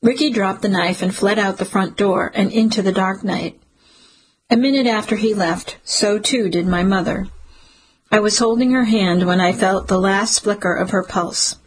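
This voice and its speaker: A woman narrating a dark first-person story in a grave, measured audiobook reading. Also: medium pitch, a little hiss or hum, poor audio.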